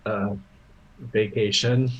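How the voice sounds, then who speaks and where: A man playing a tabletop game, answering in character in a hesitant, halting way. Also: on the low side, fairly even intonation, fairly bright tone, husky, highs cut off. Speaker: player. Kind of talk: in-character role-play.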